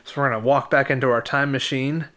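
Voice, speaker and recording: A man co-hosting a casual history podcast, chatting easily and then reading history segments in an even, informative way. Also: mid-range voice, quick pace. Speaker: podcast co-host.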